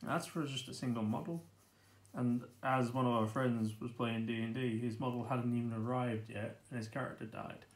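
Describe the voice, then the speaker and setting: A British man hosting a board game unboxing, chatting casually and getting easily excited, laughing to himself. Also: medium pitch, moderate pace.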